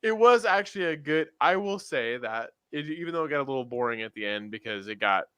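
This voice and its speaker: A man's voice: mid-range voice, lively intonation, fairly quick, fairly bright tone, clear, resonant tone, dry recording. A man co-hosting a casual sports podcast, rambling and often restarting his sentences. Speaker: podcast co-host.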